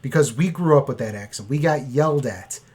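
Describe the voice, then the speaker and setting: A man's voice: mid-range voice, animated, a little fast, darkish tone, husky. A man co-hosting a podcast from a bedroom, chatting casually and joking. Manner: joking, laughs often. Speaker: podcast co-host. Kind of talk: casual chat. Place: child's bedroom.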